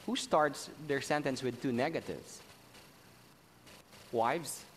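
A man preaching a sermon as pastor, slow and emphatic, stressing key words. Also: medium pitch, a little hiss or hum. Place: church sanctuary. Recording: church hall reverb, faint ambience.

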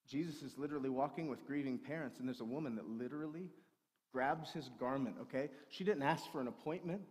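A male pastor preaching a sermon, swinging between forceful raised passages and quiet storytelling. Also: mid-range voice. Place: church sanctuary. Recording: long hall reverb.

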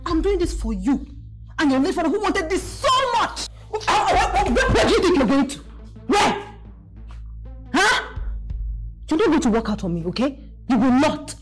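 A bossy, nagging bride with a high, lively voice. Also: female voice. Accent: Nigerian. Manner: demanding, nagging, stammers when flustered. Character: bossy bride obsessed with her grand wedding. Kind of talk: film drama acting.

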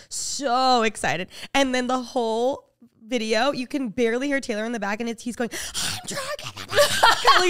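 Young woman podcast co-host, chatty storyteller, smooth voice, dry close sound. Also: a little high, a bit bright, dry recording. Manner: chatty storyteller, quick asides and laughs. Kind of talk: casual chat.

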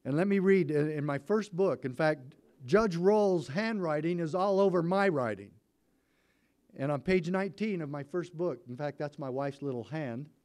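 A former sheriff giving a talk, telling a story in a folksy, conversational way and acting out the dialogue with rising excitement. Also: male voice, on the high side, moderate pace. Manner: animated, acts out quoted dialogue with rising excitement. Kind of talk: storytelling speech to an audience.

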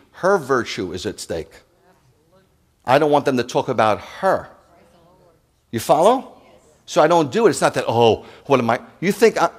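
Animated New rabbi preaching. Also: male voice, a little high. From New York. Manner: animated, joking, addresses the congregation directly. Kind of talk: sermon.

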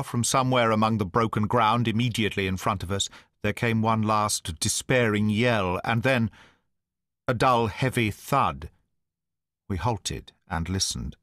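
A man narrating an audiobook in a measured, dramatic storytelling manner. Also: lowish voice, fairly bright tone, no echo, studio quality.

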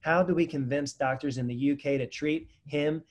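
A man's voice: fairly high pitch, moderate pace. A man, a dentist, hosting a casual webinar Q&A, talking energetically and rambling straight to viewers.

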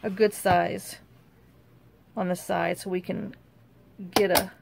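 A woman's voice: lowish voice, little pitch movement, takes it slowly, gravelly, background noise. Chatty woman muttering through a craft tutorial. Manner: chatty and rambling, often muttering quietly to herself as she works. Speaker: crafting channel host. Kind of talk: casual crafting tutorial, thinking aloud.

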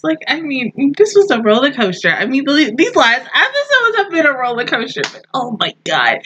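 High, lively young woman reacting excitedly. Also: a little slow. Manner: excitable, exclaiming and swearing, voice breaking into tearful laughter. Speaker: anime reaction channel host. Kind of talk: emotional reaction review.

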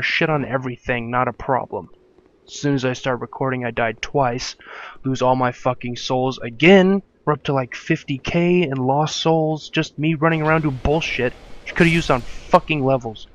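A man's voice: medium pitch, normal speed, highs cut off. A young adult man giving frustrated gameplay commentary from his room at home, cursing and muttering in exasperation at the game. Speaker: let's play commentator.

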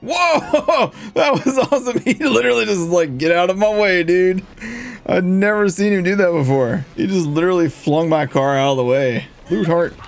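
A man giving casual, jokey commentary over his own gameplay, laughing often and getting excitable. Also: high voice, brisk, gravelly, few pauses. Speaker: gaming streamer.

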